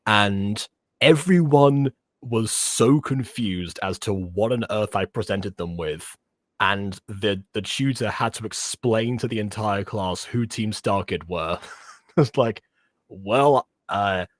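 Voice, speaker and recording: A man's voice: on the low side, slow pace, no room sound. A man co-hosting a casual review chat, talking in a chatty way and laughing often. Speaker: reviewer co-host. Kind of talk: casual chat reacting to a musical.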